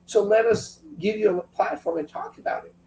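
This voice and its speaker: A man telling a business story in an interview, animated and acting out what friends said. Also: sits high, fairly quick. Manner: animated, acts out quotes from friends. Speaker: business owner guest. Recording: echoey room, a bit far from mic, faint hum.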